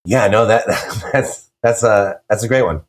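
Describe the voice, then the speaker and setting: A man's voice: fairly low pitch, a little slow. A man, a horror novelist guest, talking in a rambling, casual way with many restarts. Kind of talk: casual interview chat.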